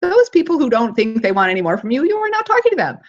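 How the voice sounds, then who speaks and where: A woman coaching speakers at a live workshop, walking them through numbered steps with hand gestures in a lively, encouraging way. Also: sits high, fast, lo-fi sound. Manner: animated, counts steps on her fingers.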